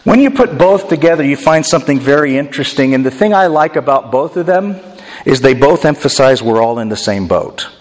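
A middle-aged male pastor delivers a sermon from a church sanctuary, his voice carried by a long hall reverb. He speaks earnestly, pokes fun at himself, and slows down to stress key words. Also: mid-range voice, expressive. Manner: earnest, self-deprecating, slows for emphasis.

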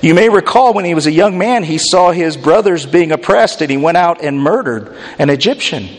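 一位男牧师在教堂大厅里讲道，语气像聊天，偶尔冷幽默，音调略高，录音带有长长的大厅混响。. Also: male voice, fairly high pitch, lively intonation, normal speed. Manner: conversational preaching, dry asides. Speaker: pastor. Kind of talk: sermon. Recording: long hall reverb.

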